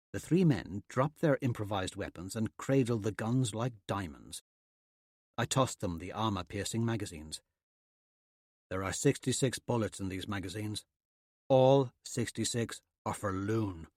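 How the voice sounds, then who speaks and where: In a fairly low, darkish voice, a measured male narrator delivers scripted audiobook narration. The studio sound is clean, with no room audible.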